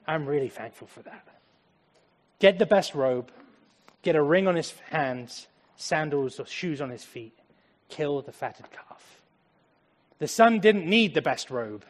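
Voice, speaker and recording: Brief: male pastor, sermon, dramatic swings between loud and hushed, echoing church hall. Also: a little high, lively intonation, measured pace. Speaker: preacher. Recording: echoey hall.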